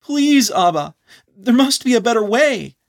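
A man voicing a distraught young male angel who begs in a high, loud voice. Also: sing-song, unhurried, heavily acted. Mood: despairing. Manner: high, loud, desperate pleading.

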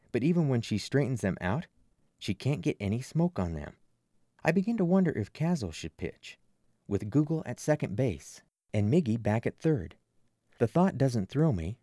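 A man narrating a first-person audiobook with expressive storytelling. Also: mid-range voice, dry recording, clean studio sound.

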